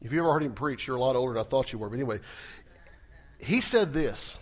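A man preaching a sermon, animated and humorous, talking fast. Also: mid-range voice. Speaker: pastor.

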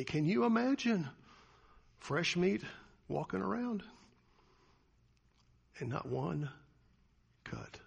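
A male pastor delivers a sermon with a rough, gravelly texture and a breathy, husky edge. His voice sits slightly higher than most men's. He keeps it conversational and turns to the congregation with questions. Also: expressive, slow, pauses often.

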